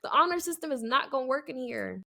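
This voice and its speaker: Animated young woman telling a story. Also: sits high, fast, gravelly. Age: 20s. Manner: animated, acts out quoted people, laughs often. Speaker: podcast co-host. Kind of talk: casual storytelling chat.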